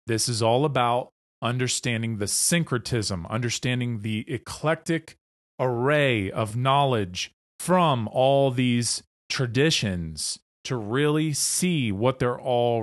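Slow, deliberate man lecturing. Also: medium pitch, dry recording, studio quality. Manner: slow, deliberate, with frequent "okay?" check-ins. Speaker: teacher. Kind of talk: lecture over slides.

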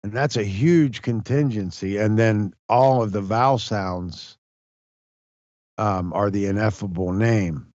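Slow, low-voiced man lecturing. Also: no echo, muffled recording. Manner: measured, halting, many fillers and restarts. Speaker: presenter on esoteric history. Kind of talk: slow lecture-style discussion.

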